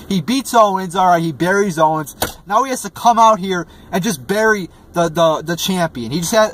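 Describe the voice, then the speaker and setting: A man's voice: on the high side, slight background noise. A man ranting through a wrestling show review, swearing constantly and stumbling over restarts and fillers. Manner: profane and exasperated, heavy swearing, many fillers and restarts.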